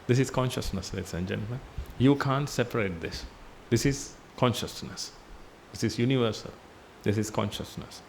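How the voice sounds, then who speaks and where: A man preaches a Buddhist sermon in a gravelly, mid-pitched voice. He teaches by repeating key phrases and putting questions to his listeners, and his voice sinks low whenever he addresses them directly. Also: normal speed, a little hiss or hum. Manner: repetitive, emphatic teaching with rhetorical questions; drops his voice on "ladies and gentlemen". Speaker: Buddhist monk giving a sermon. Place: temple hall.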